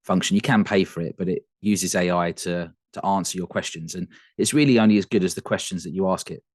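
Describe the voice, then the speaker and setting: A man in casual podcast chat about whisky, talking in a fairly low voice. He laughs often and trips over restarts as he goes. The sound is dry and close, with no room around it. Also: steady tone, fast, darkish tone, dry recording. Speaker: podcast co-host.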